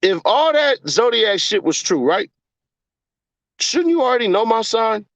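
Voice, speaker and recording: A young man chatting casually on a livestream and reading his chat aloud, cursing, laughing often, and jumping from mumbling to yelling. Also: very high-pitched, big pitch swings, unhurried, no room sound. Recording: dull lo-fi dry sound.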